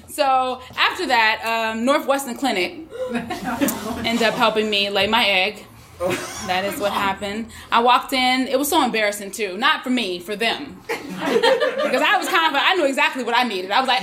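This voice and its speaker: A brash woman tells a comic tale on stage, laughing as she goes. Her voice sits high. Clear noise runs behind her in the room. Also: animated, moderate pace. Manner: brash, laughing often, profane. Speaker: storyteller at live show. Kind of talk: live comedic storytelling.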